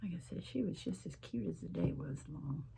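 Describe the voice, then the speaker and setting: A middle-aged woman with a low, gravelly voice, rambling folksily to her viewers while she works on a craft at home. Her tone is husky and a little rough, and she keeps calling the audience y'all. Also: animated, moderate pace, dark tone. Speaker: craft vlogger. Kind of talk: chatty crafting vlog.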